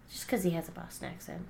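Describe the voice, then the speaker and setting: A woman's voice: on the low side, vocal fry, a little mellow. A woman co-hosting a podcast in casual chat, easygoing and rambling with many fillers. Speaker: podcast co-host.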